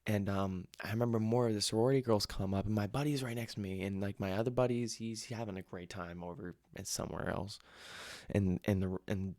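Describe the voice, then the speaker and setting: A man's voice: lowish voice, a little fast, no echo, clean studio sound. Young man rambling through a party story. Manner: rambling, animated, swears freely. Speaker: podcast host. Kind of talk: comedic storytelling. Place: home room.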